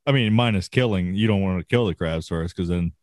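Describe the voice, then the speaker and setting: A man's voice: low voice, brisk, a little mellow, no echo, studio quality. A man chatting casually on a podcast, swearing freely and laughing often. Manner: profane, laid-back, laughs often. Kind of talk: casual chat.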